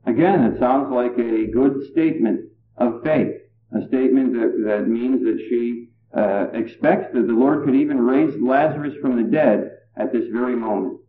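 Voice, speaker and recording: A man preaching a sermon, explaining a Bible passage in a measured way with emphatic rises. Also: mid-range voice, expressive, a little hiss or hum. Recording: echoey tinny lo-fi recording.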